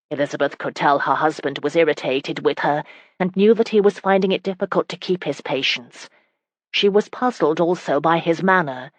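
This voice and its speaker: Brief: audiobook narrator, even scripted reading, dead-dry recording. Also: medium pitch, moderate pace, no echo.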